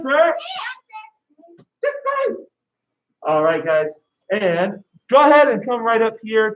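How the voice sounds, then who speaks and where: A karate instructor teaching an online kids' class, upbeat, calling out drill commands and counting down. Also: male voice, high voice, poor audio.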